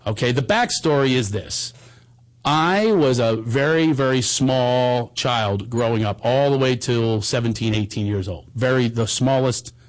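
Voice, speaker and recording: A man's voice: medium pitch, a little slow. A middle-aged man hosting a comedy show, telling rambling, self-deprecating personal stories in a bombastic, casual way. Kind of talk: casual chat and personal storytelling.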